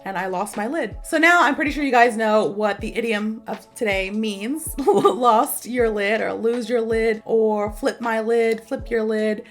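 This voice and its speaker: An American woman teaching English, telling an emphatic personal story and repeating points for stress. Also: fairly high pitch.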